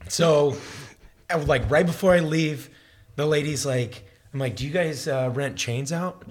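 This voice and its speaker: In an unhurried, rather high voice, a man casually recounts a long story from his travels. He's an animated storyteller, voicing the dialogue of those he talked to.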